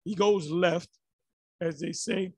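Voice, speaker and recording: A man's voice: high-pitched, steady tone, slow, vocal fry, a little mellow, breathy edge, no echo. A man giving rambling, exasperated commentary on a religious video, full of restarts and fillers.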